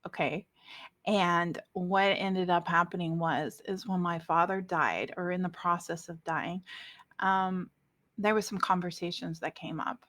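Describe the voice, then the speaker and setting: A middle-aged woman speaking candidly to her viewers about forgiveness and spirituality, confiding and close to tears, with many pauses and fillers. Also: lowish voice, a bit bright. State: emotional, near tears. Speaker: spiritual vlogger. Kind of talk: personal spiritual talk to camera.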